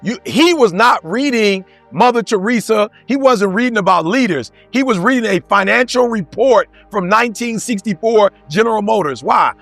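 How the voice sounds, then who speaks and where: High-pitched punchy motivational speaker man. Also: expressive, normal speed, creaky, hardly any pauses, fairly bright tone, dry recording, soft background music. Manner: punchy rhetorical questions, street-casual slang. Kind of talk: motivational talk to a live audience.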